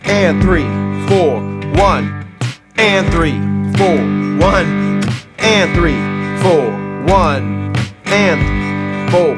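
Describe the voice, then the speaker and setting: A man giving a casual guitar lesson, chatty and self-correcting, counting beats aloud as he plays. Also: sits high. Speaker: guitar teacher.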